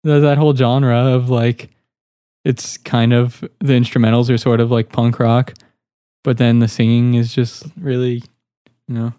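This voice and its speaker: A man's voice: mid-range voice, flat delivery, unhurried, dark tone, no echo. Jokey young man, dry close mic. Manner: jokey, laughs a lot, full of "like". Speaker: podcast co-host. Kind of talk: crude casual chat.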